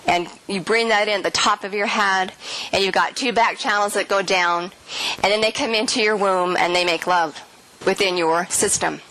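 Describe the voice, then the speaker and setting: Woman, middle-aged, keynote speaker, bright clear voice, earnest, animated storytelling. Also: mid-range voice, moderate pace, low-quality recording. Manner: earnest, animated storyteller acting out quoted lines. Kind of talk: spiritual talk with audience questions.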